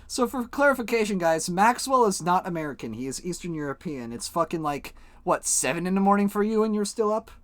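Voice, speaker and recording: A man's voice: high-pitched, lively intonation, brisk, hardly any pauses, dry recording. A man live-streaming, chatting casually with his viewers and swearing freely as he talks to chat.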